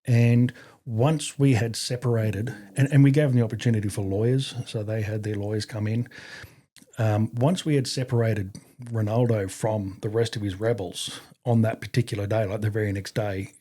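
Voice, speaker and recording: A man's voice: on the low side, steady tone, moderate pace, warm tone. A man in his fifties with an Australian accent, an army veteran guest telling stories casually, rambling with fillers and casual swearing. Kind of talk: casual storytelling in an interview.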